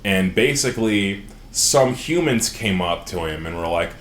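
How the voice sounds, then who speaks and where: A man's voice: on the low side, a little slow, slight background noise. A man hosting a casual podcast and animatedly retelling fantasy lore, swearing often. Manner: animated storytelling, frequent profanity. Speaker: podcast host. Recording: roomy echo.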